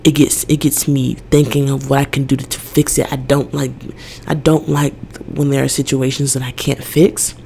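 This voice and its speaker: A young woman hosting her own podcast, talking through her feelings in a loose, rambling monologue. Her voice has a gravelly, creaky edge, and she leans on "like" constantly as she circles her thoughts. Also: very deep voice, flat delivery, normal speed, mellow, a little hiss or hum. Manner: emotional, rambling, heavy use of "like". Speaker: podcast host. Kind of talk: casual personal monologue.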